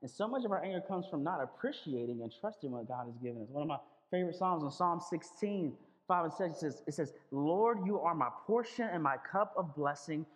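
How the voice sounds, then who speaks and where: Male pastor, high-pitched, chatty sermon delivery with repeated words; reverberant, muffled recording. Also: animated, brisk, hardly any pauses. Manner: conversational, repeats words, calls on listeners with 'listen'. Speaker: preacher. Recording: long reverb, dull lo-fi sound.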